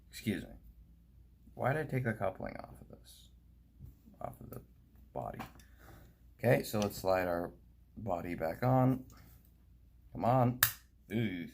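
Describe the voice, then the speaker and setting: With a fairly low-pitched voice over slight background noise, a playful young man talks through his hobby video. He chats to himself and to his model while working, and his voice sinks to a whisper when the work gets fiddly.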